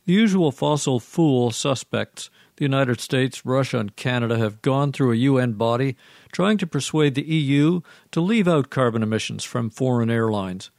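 A man's voice: medium pitch, lively intonation, moderate pace, creaky, a little mellow, dry recording, clean studio sound. A man hosting a radio show, reading scripted commentary with a sarcastic, mocking delivery.

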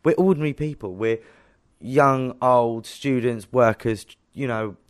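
A man, an activist guest telling a story in a casual interview with animated delivery. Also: mid-range voice, unhurried. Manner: animated storytelling, acting out dialogue.

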